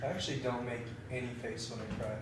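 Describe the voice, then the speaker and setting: A man chimes in on a casual podcast with fast, teasing quips, often low and offhand. The recording is roomy, with clear background noise. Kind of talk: casual chat.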